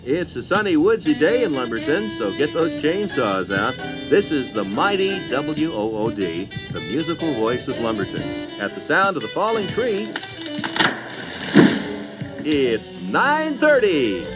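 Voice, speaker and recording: An actor playing a cheery small-town radio announcer, delivering an upbeat, sing-song promotion in a 1980s film. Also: male voice, a little high, sing-song, unhurried. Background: loud guitar music.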